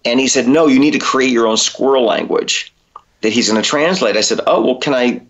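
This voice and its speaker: Male voice actor guest, lively anecdotal storyteller, mid-pitch, slightly muffled podcast sound. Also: brisk. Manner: animated storyteller, acts out quoted dialogue.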